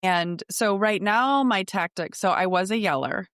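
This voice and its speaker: A woman in her forties co-hosts a podcast in casual chat, sounding calm, questioning and self-deprecating. Her medium-pitched voice is clear and resonant, she speaks a little slowly, and the clean studio sound has no echo.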